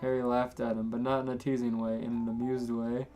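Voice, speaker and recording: A man's voice: medium pitch, completely flat delivery, a little fast, mellow, faint music behind. A man hosting a comedy podcast, reading fan fiction aloud and laughing often. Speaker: podcast host and reader.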